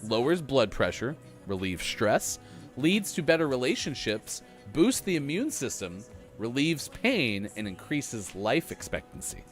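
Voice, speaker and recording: Male morning radio host, middle-aged, jokey chat, lively pitch, faint music behind. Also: measured pace. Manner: chatty, jokey, reads facts aloud.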